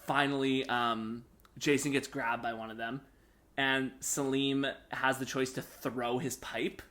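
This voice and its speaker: A man's voice: medium pitch, level tone, a little slow, sharp tone. A young man co-hosting a casual gaming podcast, eagerly retelling game scenes in a rambling way with many fillers. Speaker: podcast co-host.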